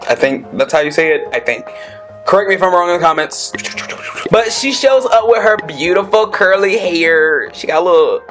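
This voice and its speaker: A man's voice: sits high, moderate pace, over music. Chatty man recapping a show. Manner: chatty, expressive, acts out characters' lines. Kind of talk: casual recap commentary.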